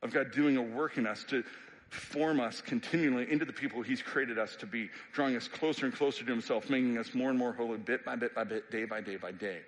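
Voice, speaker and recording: A man's voice: mid-range voice, brisk. Emphatic male pastor in reverberant hall. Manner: conversational and emphatic, rising to animated peaks. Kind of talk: sermon. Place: church sanctuary. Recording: long reverb of a church hall.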